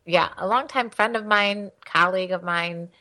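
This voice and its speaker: A woman's voice: mid-range voice, normal speed, sharp tone. A middle-aged woman co-hosting a casual podcast as a sex expert, chatty and teasing.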